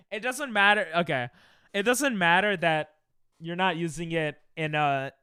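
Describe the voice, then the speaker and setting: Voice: mid-range voice, sharp tone, smooth, dry recording, clean studio sound. A young adult streamer chatting casually with viewers while playing, reacting to chat and laughing often. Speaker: Twitch streamer.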